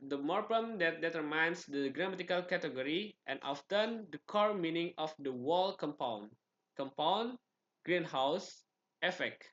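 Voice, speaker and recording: A man's voice: a little high, fairly bright tone, lo-fi sound. A man with an Indonesian accent, a student presenting, reading slide items in short clipped phrases with some restarts.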